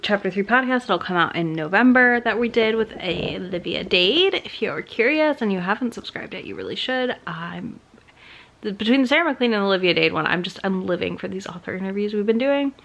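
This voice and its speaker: A woman talking casually in a chatty, candid way, like a book vlogger catching her viewers up. Her voice sits at an everyday middle pitch, and she sounds easygoing. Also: animated, a little fast, vocal fry, fairly bright tone. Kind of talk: casual vlog chat.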